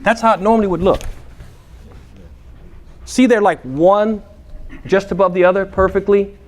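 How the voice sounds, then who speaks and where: Male teacher, energetic call-and-response classroom style, a bit higher than average pitch. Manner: chants short Arabic phrases slowly for students to repeat. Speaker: teacher of Quran recitation. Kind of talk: interactive classroom lesson.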